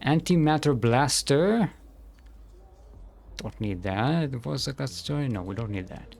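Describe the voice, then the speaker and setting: A man's voice: medium pitch, expressive, measured pace, creaky, a little mellow, slight background noise. A man streaming a game, thinking aloud in casual commentary and humming to himself.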